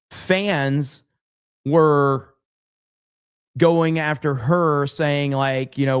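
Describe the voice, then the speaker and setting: Guy on his stream, cussing a lot, kinda high voice, rambles through his story. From USA. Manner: blunt, profane, animated storytelling. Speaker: podcast host. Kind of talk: casual livestream chat.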